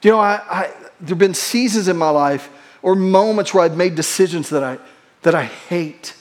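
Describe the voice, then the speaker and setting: A man with a high-pitched voice preaches a sermon from the pulpit. He rushes through quick asides, then slows and drops to a hush for emphasis. He calls out lines for the congregation to repeat. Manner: shifts between quick asides and slow, hushed emphasis; leads the congregation in call-and-response. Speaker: pastor.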